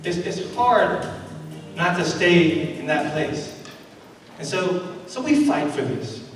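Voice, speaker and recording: An earnest man gives a talk in a large hall, and his fairly high voice carries a long, rolling echo. He sounds some way off from the mic. He speaks conversationally and works in a few fillers. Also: sing-song, takes it slowly, music in the background. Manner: conversational and earnest, many fillers, building to rhetorical questions. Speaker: invited speaker and educator. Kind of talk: conference talk with storytelling. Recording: echoey hall from far off.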